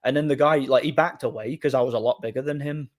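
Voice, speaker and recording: A man's voice: mid-range voice, fast. Man telling a rambling story live. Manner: animated, rambling anecdote with quoted dialogue. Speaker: livestream host. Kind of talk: casual storytelling to a live audience.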